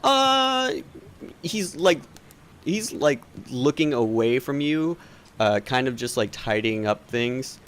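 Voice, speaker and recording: A man's voice: mid-range voice, animated, takes it slowly, a bit bright. A young man narrating as game master in a tabletop game, rambling with lots of fillers.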